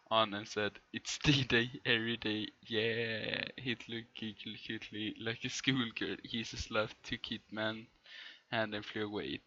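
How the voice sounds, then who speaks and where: A man reading fan fiction on a live stream with a bright, forceful tone. He takes it slowly and deadpan, repeatedly breaking into laughter. The sound is dull and lo-fi. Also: on the low side.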